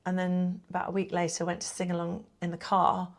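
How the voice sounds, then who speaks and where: A woman's voice: lowish voice, a little fast. Chatty middle-aged woman telling stories. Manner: chatty, animated storyteller who acts out quotes. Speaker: pantomime performer and guest. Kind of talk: casual interview chat.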